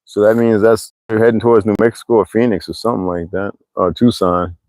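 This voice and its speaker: A man in his sixties with a lowish voice talks loosely to his livestream viewers, rambling from one thing to the next and laughing often. The sound is dry and close, with almost no room echo. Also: steady tone, fairly quick, a little mellow. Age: 60s. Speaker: livestream host. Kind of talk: casual livestream chat.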